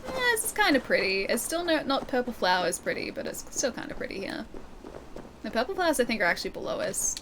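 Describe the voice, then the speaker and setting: A livestreamer with an Australian accent chats casually with viewers while playing a game live, giggling often, answering chat and reading it aloud. Her voice is on the high side, very animated and fast, with background noise behind it.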